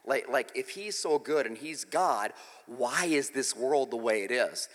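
A man preaching a sermon and opening with a long, self-mocking personal story told in a relaxed, chatty way. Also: mid-range voice, a little slow, long reverb tail. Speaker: pastor.

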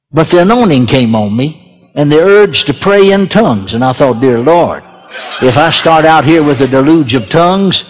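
An older man preaching a sermon, telling a story in a folksy way with chuckles and repeated words. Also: on the high side. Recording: echoey hall reverb.

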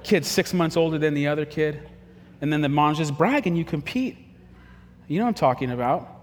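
A man preaching a casual, humorous sermon, telling stories and acting out quick quoted voices. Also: a little high, long reverb tail, slight background noise. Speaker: pastor.

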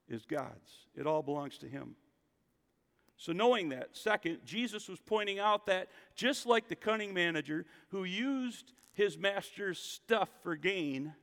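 In an echoey hall, a man with a high-pitched, slightly bright voice delivers a casual sermon. The pastor keeps it conversational and asks the congregation to repeat his words back.

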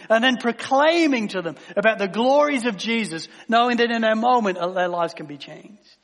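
Male pastor, conversational sermon delivery with hushed drops; hall reverb. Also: very high-pitched, lively intonation, moderate pace, vocal fry. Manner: conversational preaching, dropping to near-whispers.

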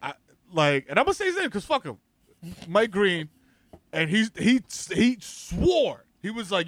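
A man's voice: high voice, moderate pace, dry recording. A man co-hosting a podcast, telling stories animatedly in casual comedic banter. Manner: animated storytelling, laughs often. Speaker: podcast co-host.

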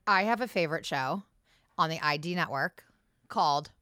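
Woman co-host, casual podcast chat, animated teasing storyteller with heavy swearing, dry close sound. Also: low voice, moderate pace, clear, resonant tone, no echo.

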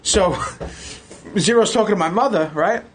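A man, a podcast guest telling animated, profane stories and laughing as he goes. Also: high voice, unhurried, slight background noise. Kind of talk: casual storytelling.

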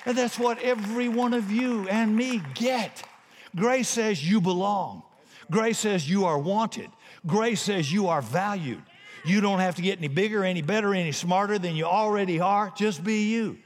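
A man preaching a sermon, telling a story and swinging between hushed moments and shouts. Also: high voice, normal speed. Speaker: pastor. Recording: long reverb of a large hall.

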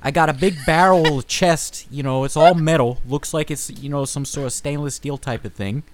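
A man's voice: on the high side, moderate pace, background noise, close to an everyday voice. A man voicing a clunky, waddling metal robot man who is boastful and self-important during a tabletop role-play.

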